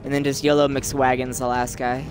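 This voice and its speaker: A man giving excitable casual game commentary, coaching a co-player. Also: medium pitch, normal speed, faint music behind. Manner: excitable, coaching, calls to his dog. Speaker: game streamer.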